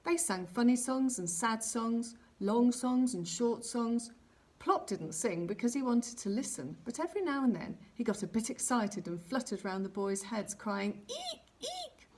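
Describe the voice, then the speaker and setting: A woman reading a children's story aloud, narrating gently and expressively. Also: fairly high pitch, expressive, moderate pace.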